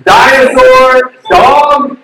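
A male pastor giving a sermon in an animated way, asking the crowd questions and acting out the quotes he tells. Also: very high voice, extremely slow. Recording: distant mic in a very echoey hall.

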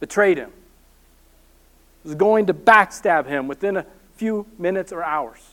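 High-voiced male pastor telling stories. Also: a little slow. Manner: storytelling, animated, self-deprecating humor. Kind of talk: sermon.

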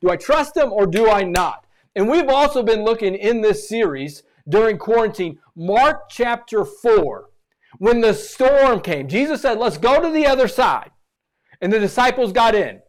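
A man preaching a sermon as pastor, animated and repeating phrases for emphasis. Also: high voice, unhurried.

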